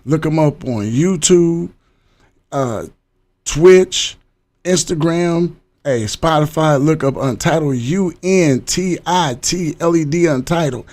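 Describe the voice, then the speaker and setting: Middle-aged male live-podcast host, upbeat and hyped, a touch higher than most men. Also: slow. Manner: upbeat hype, shouting out viewers by name. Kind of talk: casual live-stream chat.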